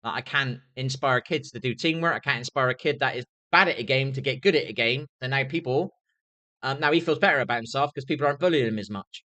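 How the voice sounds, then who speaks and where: A man's voice: medium pitch, quick pace, pushed and bright. A young man livestreaming an angry, swear-filled rant, often asking "do you know what I mean". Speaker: streamer.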